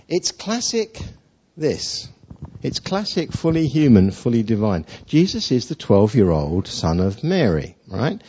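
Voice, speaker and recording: Casting: preacher man, chatty storyteller, husky voice with a lively lilt, dull lo-fi sound. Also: medium pitch. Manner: conversational storytelling, with rhetorical questions. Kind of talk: sermon.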